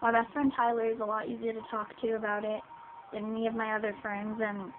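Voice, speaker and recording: A woman's voice: a little high, completely flat delivery, brisk. A seventeen-year-old girl talking hesitantly to the camera, with many ums and restarts. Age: teens. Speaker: vlogger. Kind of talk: personal vlog talking to camera. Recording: tinny lo-fi sound with hiss.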